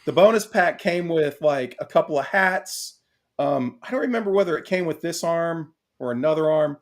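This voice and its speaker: A man co-hosting a casual podcast chat, rambling and excitable, laughing often. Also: a little high, moderate pace. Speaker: podcast co-host.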